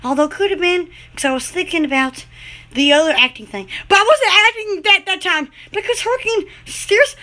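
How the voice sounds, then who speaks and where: This woman vlogger has a very high voice and a brisk, sharp tone. She rambles theatrically while chatting to the camera, frequently laughing as she goes.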